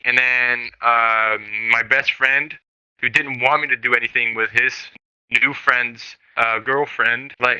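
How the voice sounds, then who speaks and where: Bright, crisp-voiced young man ranting. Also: medium pitch, little pitch movement, normal speed, dry recording, lo-fi sound. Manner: rambling, profane, self-interrupting. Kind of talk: casual storytelling. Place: virtual reality social game.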